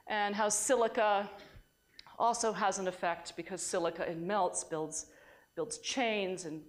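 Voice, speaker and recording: Woman lecturing. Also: medium pitch. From United States. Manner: conversational, with frequent restarts. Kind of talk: university science lecture.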